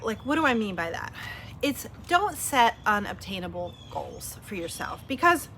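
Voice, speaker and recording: A middle-aged woman vlogger chatting casually and warmly about her weight loss, telling stories with lots of fillers and acted-out quotes. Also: on the high side, slight background noise. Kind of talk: casual heartfelt chat.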